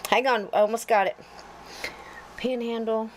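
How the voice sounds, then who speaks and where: A woman's voice: fairly high pitch, steady tone, normal speed, poor audio. A chatty woman hosting a casual livestream, joking with her chat and greeting viewers by name. She mutters to herself while she fights with her computer. Faint noise sits underneath her voice. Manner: chatty, talks to herself while fumbling with tech; folksy and jokey, greets viewers warmly by name. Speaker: podcast co-host.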